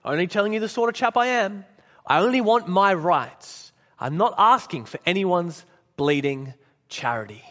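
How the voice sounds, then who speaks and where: A blustering, aggrieved male ghost, put on by a preacher reading aloud, who demands his rights. The voice sits high and pushes hard. It rings out with a long echo, as in a church hall. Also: animated, moderate pace, fairly bright tone. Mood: indignant.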